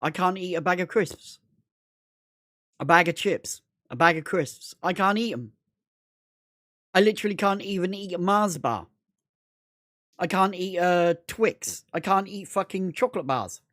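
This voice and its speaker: A man's voice: sits high, expressive, unhurried, pauses often, a bit bright, no echo, clean studio sound. A man chatting casually on a gaming livestream, rambling, repeating himself and swearing constantly. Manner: rambling, repetitive, heavy swearing.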